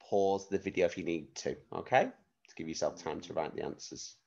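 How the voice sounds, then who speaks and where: A man teaching a phonics lesson to young children, spelling words out letter by letter in a clear, slow dictation manner. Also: low-pitched, darkish tone, highs cut off. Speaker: primary school teacher.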